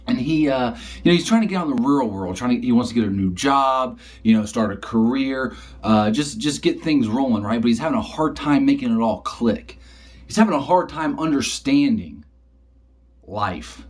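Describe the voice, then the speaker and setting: A man vlogging casually, telling a joke and then talking games in an animated way. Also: medium pitch, normal speed. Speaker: gaming vlogger.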